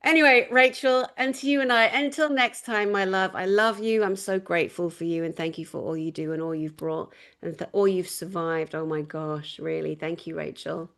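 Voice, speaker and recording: A woman hosting a casual conversation who talks emphatically and with passion, moving from loud exclamations to quiet, earnest asides. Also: on the low side, normal speed, hardly any pauses. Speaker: host.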